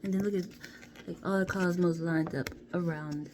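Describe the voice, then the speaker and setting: Low-voiced woman doing a playful card reading. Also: normal speed. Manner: playful, chatty, drifts into soft half-whispers. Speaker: card reader. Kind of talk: casual card-reading vlog. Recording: steady background noise.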